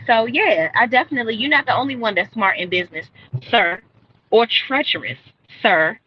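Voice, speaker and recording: A woman's voice: a little high, moderate pace, lo-fi sound, slight background noise. A woman recapping a TV episode live for viewers, blunt and opinionated, speaking into a headset mic. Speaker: TV show reviewer. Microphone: earbud headset.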